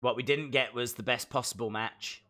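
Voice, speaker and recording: A man giving excitable, jokey live commentary while watching a show along with viewers. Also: mid-range voice, normal speed. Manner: excitable, jokey, talks to himself. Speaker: live stream reactor.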